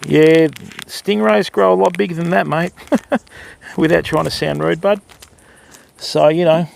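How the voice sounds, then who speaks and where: Older man, Australian accent, gravelly voice, laid-back livestream chat, outdoors by a river. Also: a little high, fairly even intonation, unhurried, a little hiss or hum. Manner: easygoing, calls viewers mate and bud. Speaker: fishing livestreamer. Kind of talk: casual livestream chat answering viewers.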